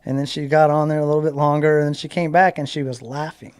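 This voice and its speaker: This guest on a casual interview is a forties-aged Southern Californian whose voice runs on the high side, fast and smooth. He narrates a story animatedly, impersonating what people said and leaning on likes and you-knows.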